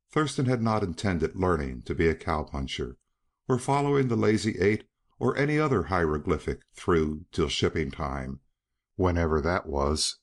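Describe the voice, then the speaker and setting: Deep-voiced man narrating an audiobook.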